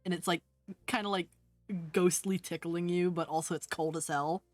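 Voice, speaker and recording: A woman narrating as game master of a tabletop game, soft and hesitant, with many fillers. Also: on the low side, fairly even intonation, moderate pace, no echo, soft background music.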